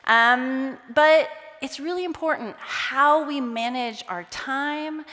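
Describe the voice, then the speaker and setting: Animated woman speaker in a reverberant hall. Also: sits high, slow. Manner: animated, acts out quoted dialogue. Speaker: conference speaker. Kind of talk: storytelling keynote talk. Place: large conference hall.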